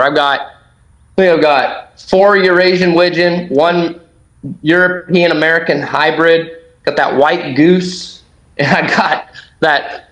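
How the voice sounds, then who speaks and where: Excitable man telling a hunting story. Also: a little high, low-quality recording. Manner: animated, acts out his own shouts. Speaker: podcast guest, duck hunter.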